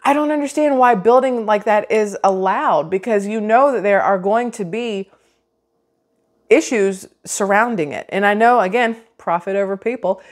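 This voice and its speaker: A woman's voice: mid-range voice, moderate pace. A woman, giving casual vlog commentary in a chatty, sarcastic, rambling way full of restarts. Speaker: vlogger.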